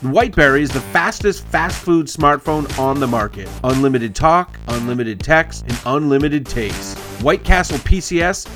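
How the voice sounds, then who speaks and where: A man's voice: a little high, expressive, moderate pace, few pauses, over music. A man reading a parody commercial in an upbeat, salesy announcer manner. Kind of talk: parody ad read.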